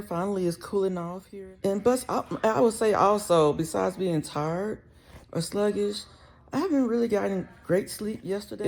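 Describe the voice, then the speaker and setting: A woman's voice: fairly low pitch, a little mellow. A woman vlogger talking casually from home, rambling in a conversational way with slang. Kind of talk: casual chat to camera.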